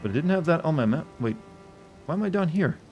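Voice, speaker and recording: A man's voice: fairly high pitch, expressive, fast, lo-fi sound, faint music behind. A man casually commenting on his gameplay live, rambling and correcting himself as he chats with viewers. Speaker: game streamer.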